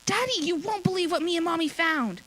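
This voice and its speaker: A woman reading a story aloud and voicing an excited little girl who desperately wants a puppy, in a high, eager, pleading voice. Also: brisk.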